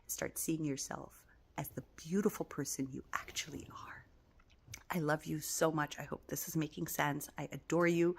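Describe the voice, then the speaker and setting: A woman with a slightly low voice talks gently as a spiritual coach in a casual motivational chat. She speaks with affection and keeps repeating her encouragements. Her voice often sinks to a near whisper. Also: steady tone, normal speed, vocal fry, husky. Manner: repetitive, encouraging. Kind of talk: casual motivational talk to camera.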